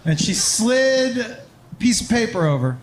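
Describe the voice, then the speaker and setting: A man's voice: high voice, sing-song, measured pace, slight background noise. A man telling a stand-up story on stage, acting out other people's voices and sound effects. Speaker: stand-up comedian. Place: live comedy club.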